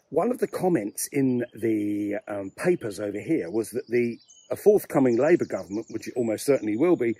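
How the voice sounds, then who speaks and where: An English man in his sixties, out of breath from a brisk walk, rambling wryly and chattily through a vlog while strolling outdoors in a cemetery. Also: mid-range voice, dark tone, husky, no echo. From England. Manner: chatty, wry and self-mocking. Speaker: vlogger.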